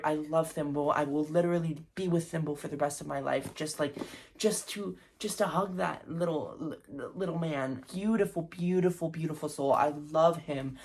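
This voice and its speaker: A woman's voice: low-pitched, vocal fry, slight background noise. A young woman reviewing her favorite books in a casual vlog, gushing and effusive, with lots of fillers and restarts. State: recovering from covid. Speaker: book vlogger.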